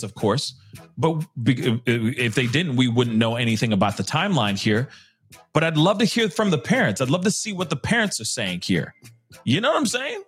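A man's voice: on the high side, fairly bright tone. A man hosting a casual live news commentary show, talking straight to his viewers and laughing at his own jokes.

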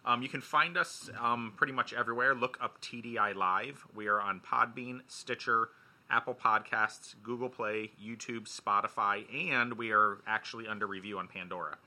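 A man's voice: on the low side, steady tone, normal speed, bright, forceful tone. A man hosting a casual podcast, joking and laid-back, talking into a studio mic. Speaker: podcast host. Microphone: studio mic with spit guard.

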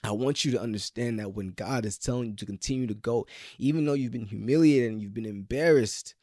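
A man preaching a sermon with passion, swinging between loud pleading and hushed whispers. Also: medium pitch, a little fast, no echo, clean studio sound.

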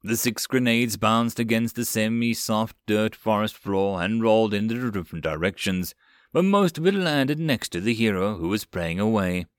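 A man narrating a web novel as an audiobook, with a steady, even reading. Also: on the low side, normal speed, no room sound, clean studio sound.

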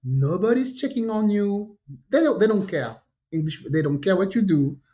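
A woman's voice: medium pitch, normal speed. French-accented woman telling stories, dull sound. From France. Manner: animated, acts out quoted voices, repeats herself. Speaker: podcast co-host. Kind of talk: casual conversational storytelling.

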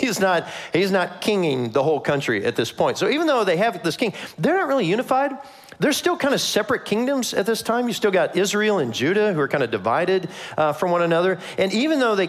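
A man preaching a sermon in a conversational way, acting out quoted voices with humor. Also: high-pitched. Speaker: pastor.

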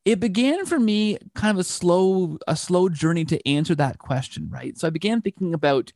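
A man's voice: sits high, lively intonation, moderate pace, a little mellow, no room sound, studio quality. A man telling a long personal story in an interview, full of restarts and asides. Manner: rambling, frequent restarts. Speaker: interview guest. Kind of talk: conversational storytelling.

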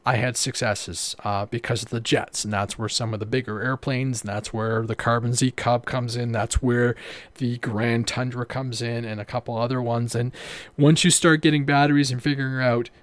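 A man's voice: mid-range voice, little pitch movement, normal speed, dry recording. A man hosting a casual livestream, rambling, with many fillers and restarts. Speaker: livestream host.

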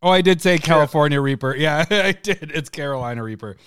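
A man's voice: a little high, moderate pace, creaky, a bit bright, clear, resonant tone, no room sound, studio quality. A man co-hosting a casual podcast, laughing, swearing and rambling loosely. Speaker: podcast co-host.

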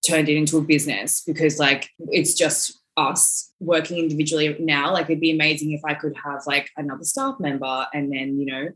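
A woman's voice: low-pitched, steady tone, a little fast, hardly any pauses, a bit bright. A woman in her thirties, a podcast guest, talking casually in a rambling way with lots of "like". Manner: rambling, frequent "like", restarts. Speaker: guest, exhibition organiser. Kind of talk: casual chat.

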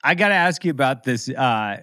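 A man's voice: mid-range voice, lively intonation, sharp tone, no room sound. Indignant, profane man on a dry mic. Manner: profane, indignant rapid questions. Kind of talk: casual podcast chat.

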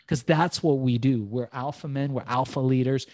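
A man's voice: mid-range voice, moderate pace, a little mellow, no echo. A man hosting a casual talk, telling stories in a brash, profane way. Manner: brash storytelling, heavy swearing. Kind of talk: casual conversation.

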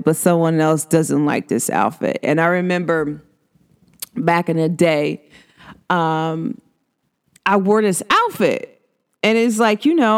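A young adult woman in a casual self-help monologue, animated, laughing often and asking rhetorical questions. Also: lowish voice. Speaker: vlogger.

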